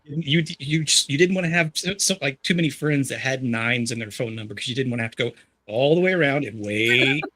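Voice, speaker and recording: Bright, husky man chatting about films. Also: medium pitch, brisk, no echo. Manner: rambling, enthusiastic, many restarts. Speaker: podcast co-host. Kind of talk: casual movie discussion.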